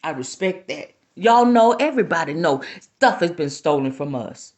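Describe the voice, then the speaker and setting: A woman's voice: lowish voice, expressive, moderate pace. A woman, speaking with emphatic, preacherly passion to viewers on a live stream. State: near tears at times. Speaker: spiritual teacher hosting a live stream. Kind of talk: impassioned live-stream monologue. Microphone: phone or webcam.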